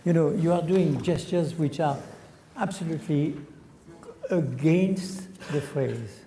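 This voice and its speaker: An older man with a French accent coaching a young conductor in a concert hall, direct and halting, singing phrases out in syllables. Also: on the high side, mellow, slight background noise. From France. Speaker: conducting teacher. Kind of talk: masterclass coaching. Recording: roomy concert hall reverb.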